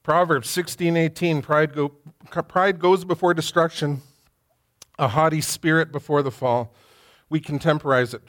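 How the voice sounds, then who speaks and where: A man's voice: fairly high pitch, fairly even intonation, moderate pace, fairly bright tone. A middle-aged male pastor reading scripture aloud and then preaching a sermon that builds to impassioned emphasis. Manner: reads scripture then preaches with rising intensity.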